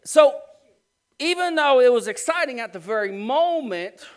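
A man preaching through a long personal story, animated and rambling, often restarting his sentences. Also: very high voice, measured pace, smooth. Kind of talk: storytelling sermon.

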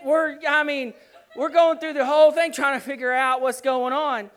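A man preaching through a long personal story, animated and rambling, often restarting his sentences. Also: very high voice, normal speed. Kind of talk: storytelling sermon.

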